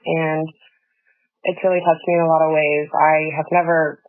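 A man leaving an earnest voicemail, halting with many pauses and fillers. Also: fairly high pitch, level tone. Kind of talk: recorded voicemail message. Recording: tinny phone line.

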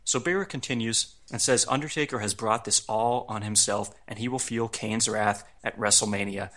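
Male podcast host, lowish but bright and forceful voice, casual amused recap delivery. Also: normal speed. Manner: recaps events in a relaxed, amused tone with frequent laughs. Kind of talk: casual wrestling recap chat.

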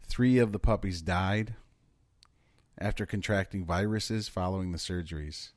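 A man's voice: low-pitched, unhurried, no echo, studio quality. A man co-hosting a podcast, chatting loosely about news stories, swearing and laughing often. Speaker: podcast co-host. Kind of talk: casual news chat.

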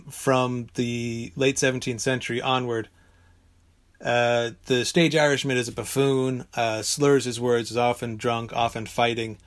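A man giving measured, explanatory interview answers, pausing often with "uh". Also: medium pitch, a bit bright. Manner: measured, hesitant with many "uh"s. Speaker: interviewed expert.

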